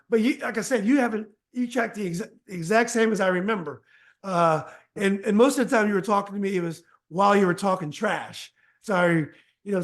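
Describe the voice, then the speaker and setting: A man hosting a podcast interview, talking in a casual, conversational way and often restarting his sentences. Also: sits high. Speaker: podcast host.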